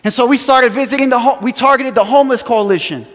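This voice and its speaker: A man with a high voice preaches a storytelling sermon. He acts out quotes and chuckles as he goes. A long reverb trails his words, as in a large church sanctuary. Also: quick pace, fairly bright tone. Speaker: pastor.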